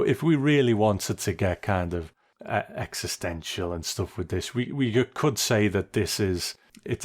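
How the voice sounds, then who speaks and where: A man co-hosting a horror film podcast, chatting casually and acting out film dialogue with amusement. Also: deep voice. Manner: amused, animated when quoting dialogue. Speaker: podcast co-host. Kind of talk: casual film review chat.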